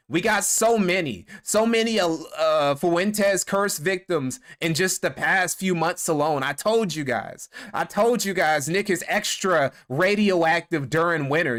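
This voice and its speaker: A man's voice: sits high, a bit bright. A man giving casual, crude, gossipy livestream commentary, mocking people and laughing at his own jokes.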